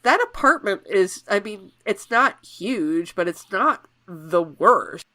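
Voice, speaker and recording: A woman's voice: mid-range voice, expressive, takes it slowly, sharp tone. A woman co-hosting a podcast in casual chat, walking through scenes point by point. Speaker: podcast co-host leading the episode walkthrough.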